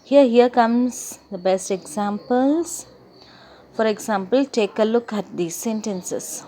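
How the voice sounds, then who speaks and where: Slow, deliberate woman teaching a lesson. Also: fairly high pitch, lively intonation, warm tone. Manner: slow and deliberate, repeats key points. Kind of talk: recorded English lesson.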